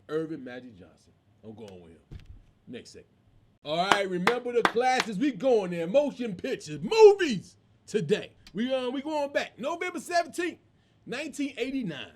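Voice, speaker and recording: A man in his forties, a comedian hosting his own show in a casual, slangy monologue. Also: high-pitched. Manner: animated, slangy, tosses in "man".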